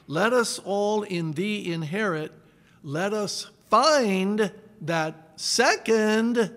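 Male pastor, high voice, measured sermon delivery with dramatic pauses. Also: fairly bright tone. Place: church sanctuary. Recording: long church reverb.

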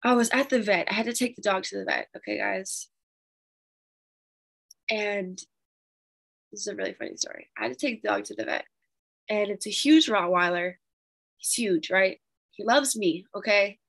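A woman leading a morning Bible study, telling a story in an animated, emphatic sermon style and speaking straight to her listeners. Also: medium pitch, normal speed, gravelly, long pauses. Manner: animated, emphatic, addresses audience directly.

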